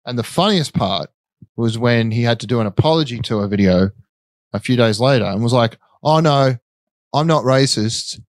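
Man, podcast co-host, rambling casual chat, dry close sound, middle pitch. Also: fairly quick, dry recording. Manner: rambling, swears freely, acts out quotes. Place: indoors on a couch.

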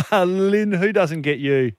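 A man with a fairly high voice hosts a breakfast radio show from the studio. He jokes and tosses quick questions at his callers and guests. The mic is dry and close. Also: no room sound. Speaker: radio host.

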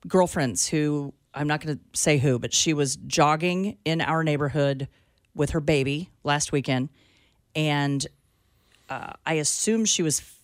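A woman's voice: sits low, measured pace, dry recording, studio quality. A woman co-hosting a radio talk show, telling stories in an emphatic, concerned way. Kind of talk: casual talk radio banter.

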